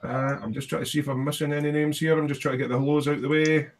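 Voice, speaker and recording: A man's voice: a little high, level tone, fast. Male host of a casual live stream, chatty, loose with fillers, greets each viewer.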